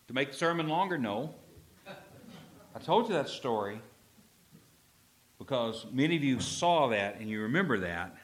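Bright-voiced preacher. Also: male voice, mid-range voice. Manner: joking storyteller, swinging from loud to hushed. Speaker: pastor. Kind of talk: sermon. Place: church service.

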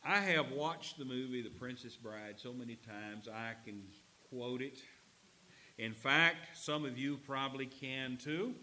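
A pastor preaching a sermon, animated and humorous, swinging between loud emphasis and quiet asides to the congregation. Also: male voice, mid-range voice, a little hiss or hum, low-quality recording.

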